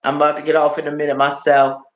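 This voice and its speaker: A man's voice: a little high, completely flat delivery, fast talker, fairly bright tone, roomy sound. A man hosting a casual live stream, chatty and tired, repeating himself and calling his viewers y'all. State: tired and achy. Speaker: livestream host.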